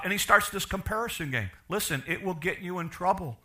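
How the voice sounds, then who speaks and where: A middle-aged man preaching a sermon, animated, acting out quoted characters, with frequent restarts. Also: sits high, a little fast, few pauses. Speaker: pastor.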